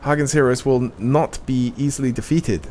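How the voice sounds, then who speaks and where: A man's voice: mid-range voice, dark tone, slight background noise, voice pushed up, lightly acted. A man reading a stern army commander. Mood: solemn. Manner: slow, deliberate reading of game dialogue.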